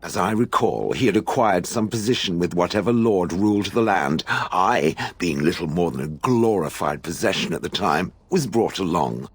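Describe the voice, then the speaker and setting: Scornful ancient stone golem for a game; dry, mocking, lively swoops in a very low voice. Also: male voice, moderate pace, hardly any pauses, breathy edge, dry recording, heavily acted. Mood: sardonic. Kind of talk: video game dialogue.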